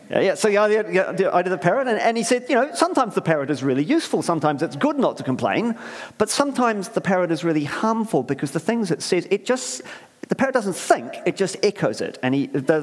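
Chatty New preacher, animated pitch. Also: male voice. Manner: rambling, chatty, many fillers and restarts, asks the audience questions. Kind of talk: conversational sermon. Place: church. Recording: reverberant church hall.

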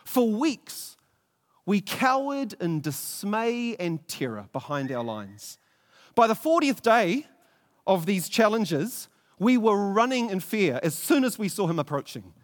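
A man giving a vivid first-person dramatic retelling, halting at times with stammered repeats. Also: high voice, sing-song. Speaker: storyteller. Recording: long echoey reverb.

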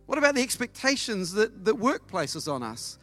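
A middle-aged man preaching a sermon as pastor, lively and storytelling, acting out dialogue. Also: high voice, moderate pace, faint music behind. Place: church service.

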